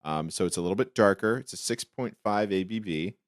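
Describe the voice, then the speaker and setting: A man with a very low voice hosts a casual podcast chat. He rambles, jokes and drifts off on tangents. The sound is dry and close. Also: brisk, no room sound. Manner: joking, rambling, playful voice shifts. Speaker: podcast host.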